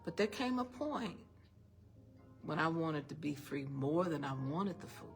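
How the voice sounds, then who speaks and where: This woman's low-pitched voice is animated and a little slow, backed by soft music. She's in an event room, speaking to listeners there and online, pressing her faith-centered motivational message with a string of rhetorical questions and the endearment "honey."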